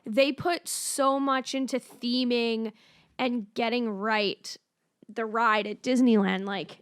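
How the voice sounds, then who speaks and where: A woman with a Canadian accent co-hosting a podcast, chatty and agreeable, quick to laugh. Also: on the high side, fairly even intonation, smooth, no room sound. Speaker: podcast co-host. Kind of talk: casual chat.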